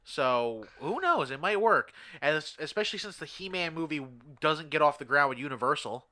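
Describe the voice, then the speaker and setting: Bright, crisp-voiced man hosting a podcast. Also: fairly high pitch, lively intonation, normal speed. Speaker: podcast host. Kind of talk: casual chat.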